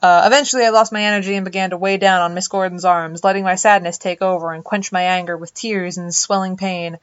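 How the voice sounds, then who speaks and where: A woman's voice: fairly low pitch, fairly even intonation, fast, clean tone, no echo, highs cut off. A woman reading a visual novel aloud as host, casual and swearing freely in her asides. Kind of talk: reading game narration aloud with joking asides.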